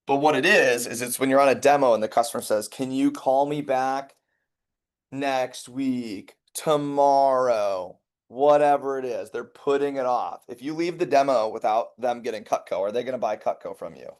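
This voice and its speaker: Energetic man coaching a sales team. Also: mid-range voice, fast talker, few pauses. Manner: energetic, conversational, checks in with listeners. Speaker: sales trainer. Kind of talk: sales training talk with stories.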